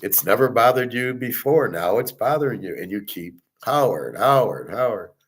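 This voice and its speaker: A man's voice: mid-range voice, expressive, normal speed. A middle-aged man hosting a casual monologue, telling a personal story in a blunt, profane way. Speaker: host.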